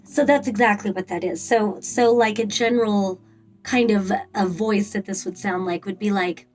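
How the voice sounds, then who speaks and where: A woman's voice: medium pitch, fairly even intonation, normal speed, low-quality recording. A woman giving a casual tarot reading in a rambling way, with frequent fillers and blunt swearing. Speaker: tarot reader.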